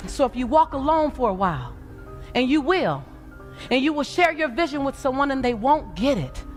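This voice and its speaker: A woman's voice: sits high, big pitch swings, normal speed, soft background music. A woman giving a passionate motivational speech to a live audience, with preaching emphasis that swells and drops. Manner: preaching, rising and falling emphasis. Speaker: motivational speaker.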